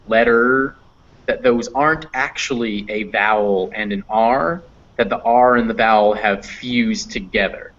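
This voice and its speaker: A man's voice: on the low side, measured pace, a bit bright. A man teaching English phonetics in a live online class, explaining patiently with fillers over a computer mic. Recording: dull lo-fi online class audio.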